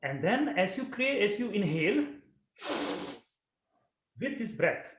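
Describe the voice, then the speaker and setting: A man teaching breathing and throat-center chanting, giving calm explanations between long, projected chanted syllables. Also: high voice, slow pace, echoey room. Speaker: yoga and meditation teacher. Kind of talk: guided breathing and chanting instruction.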